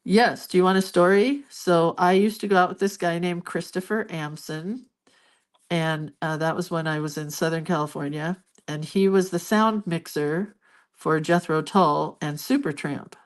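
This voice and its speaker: An older woman chatting casually as she colors, rambling into stories with soft, murmured asides at her art desk. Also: on the low side, fairly even intonation, moderate pace. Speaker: art vlogger. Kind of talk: casual chat while coloring.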